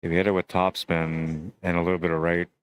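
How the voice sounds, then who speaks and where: A young adult man giving relaxed, chatty live commentary on a pool match and greeting stream viewers. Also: low voice, fast, clear, resonant tone.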